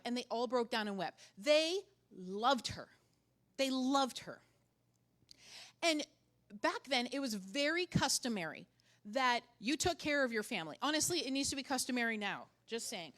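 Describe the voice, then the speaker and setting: A woman's voice: a little high, fairly bright tone. A middle-aged woman pastor preaching a sermon in a conversational way, with joking asides and phrases repeated for emphasis.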